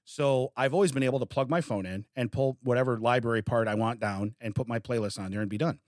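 A man's voice: medium pitch, fast, darkish tone, dry recording, studio quality. A man co-hosting a casual podcast, telling a long complaint story and acting out his phone calls. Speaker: podcast co-host. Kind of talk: casual chat.

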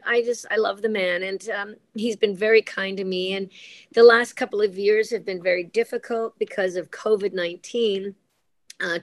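A middle-aged woman with a medium-pitched voice, a former member of parliament, shares personal stories as an interview guest in a dry recording. Her emotional storytelling is earnest and heartfelt, full of restarted sentences and hesitant fillers.

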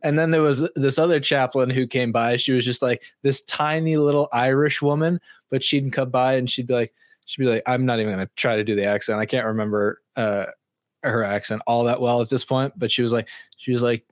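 A man's voice: mid-range voice, steady tone, a little fast, no room sound, studio quality. A young man co-hosting a casual podcast, telling stories with lots of fillers and restarts. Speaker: podcast co-host. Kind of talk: casual chat.

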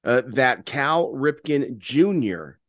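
Male co-host, halting fillers. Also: mid-range voice, big pitch swings, a bit bright, dry recording, clean studio sound. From Maryland, USA. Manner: conversational, halting with many fillers. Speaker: podcast co-host. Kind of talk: casual political chat.

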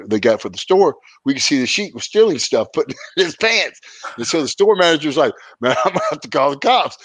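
A man hosting a podcast, telling road stories in a relaxed, casual way and livening up when he quotes friends. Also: mid-range voice, dry recording. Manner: laid-back, animated when quoting others. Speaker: podcast host, retired wrestler. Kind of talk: casual storytelling.

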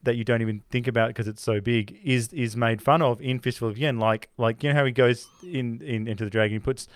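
A man's voice: medium pitch, brisk, no room sound. Rambling man on a dry podcast mic. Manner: rambling, many restarts, animated when retelling scenes. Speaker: podcast co-host. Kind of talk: casual film discussion.

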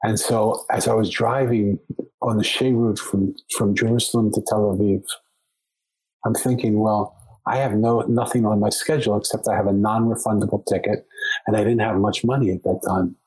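A man's voice: fairly low pitch, steady tone, moderate pace, a little mellow, husky, low-quality recording. A man, a podcast guest, telling a long story in conversation, often restarting and repeating words as he goes.

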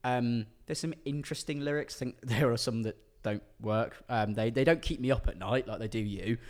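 A male podcast co-host gives his take on an album in relaxed conversation. His voice sits at an ordinary middle pitch. He pokes fun at himself when he stumbles over his words. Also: brisk. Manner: self-deprecating, easygoing, restarts when tongue-tied. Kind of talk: casual music review chat.

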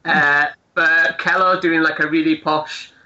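Uk guy playing a tabletop game, really slow, lots of ums, dull mic. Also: fairly high pitch, level tone, sharp tone. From United Kingdom. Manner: slow, hesitant, playfully describing his character. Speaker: player.

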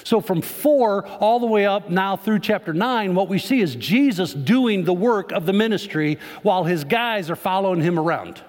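A man's voice: sits high, lively intonation, normal speed, few pauses. A man preaching a sermon to his congregation, speaking conversationally and tossing questions to the crowd. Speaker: pastor. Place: church sanctuary. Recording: long church reverb.

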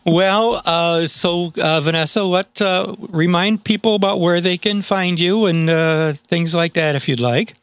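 A man hosting a radio interview, his voice sitting a little high for a man. His talk is folksy and hesitant, full of uhs and restarts, and the sound is dry and close with no room echo. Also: unhurried, few pauses, fairly bright tone, clear, resonant tone.

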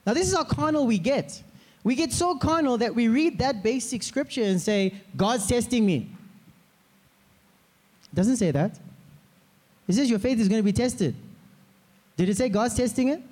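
A man preaching a sermon as pastor, in a lively way, often asking the congregation to repeat words after him. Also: very high voice, moderate pace. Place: church hall. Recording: long hall reverb.

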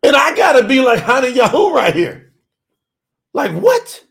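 A man preaching an urgent sermon, shouting and pleading with his listeners. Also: very high voice, huge pitch swings, a little slow, creaky. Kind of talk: fiery sermon.

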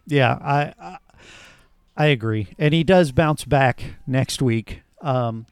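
A man co-hosting a podcast, explaining his points in a measured, casual way. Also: mid-range voice, smooth, dry recording, clean studio sound. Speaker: podcast co-host. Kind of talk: casual chat.

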